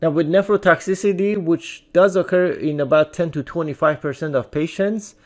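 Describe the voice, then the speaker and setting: A man's voice: on the high side, normal speed. A man giving a recorded pharmacy lecture in a conversational way, full of fillers like "uh" and "you know" and restarted words.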